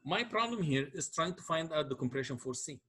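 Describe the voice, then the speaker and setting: Man lecturing with a husky voice. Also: fairly high pitch, lively intonation, a little fast, fairly bright tone. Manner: explains step by step, asks checking questions. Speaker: engineering lecturer. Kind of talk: classroom lecture.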